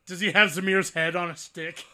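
A man co-hosting a casual movie podcast, tossing out quick quips and laughing banter. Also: sits high, steady tone, sharp tone. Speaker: podcast co-host.

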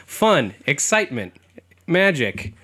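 A man's voice: on the high side, sing-song, takes it slowly, bright, forceful tone, husky, no echo. A young man co-hosting a comedy podcast in casual chat, loose and joking, laughing often, his voice slightly sick. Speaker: podcast co-host.

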